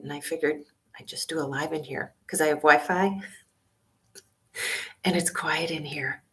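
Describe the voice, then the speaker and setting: Low-voiced woman in her fifties whispering. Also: steady tone, normal speed, long pauses. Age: 50s. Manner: hushed, half-whispered talk with many fillers. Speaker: van-life vlogger hosting a live stream. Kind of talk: casual live-stream chat with viewers. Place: small library study room. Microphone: laptop webcam and built-in mic.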